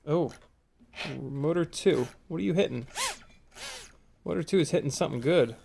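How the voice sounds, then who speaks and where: A man with a slightly high, gravelly voice hosts a laid-back live stream from his home workspace. He chats and jokes easily, reading viewer comments aloud as he tinkers. A faint hiss sits under his voice. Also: normal speed, warm tone. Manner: easygoing, jokey, reads out viewer comments. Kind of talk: casual live-stream chat while repairing gear.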